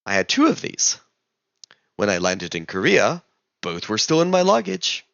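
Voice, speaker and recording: Male vlogger, very low and gravelly, lively storytelling, dull lo-fi dry sound. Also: normal speed, no echo. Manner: animated, exasperated storytelling. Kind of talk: casual storytelling vlog.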